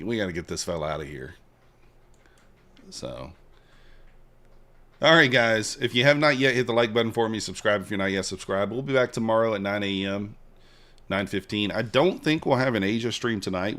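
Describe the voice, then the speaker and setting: Lowish-voiced man chatting on a trading stream. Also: a bit bright. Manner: chatty, joking with chat, banters and hypes trades. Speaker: live-stream futures trader. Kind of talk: casual live-stream chat.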